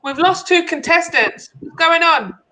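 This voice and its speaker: A woman's voice: extremely high pitch, lively intonation, measured pace, sharp tone, a little hiss or hum, poor audio. A young woman hosting an online game show in casual, bubbly chat.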